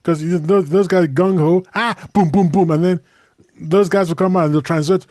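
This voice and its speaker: A man with a high, light voice chats on a talk show, recorded dry and close. He is animated, laughs often and slips into playful voices. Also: moderate pace, no room sound. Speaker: co-host. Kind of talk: casual chat.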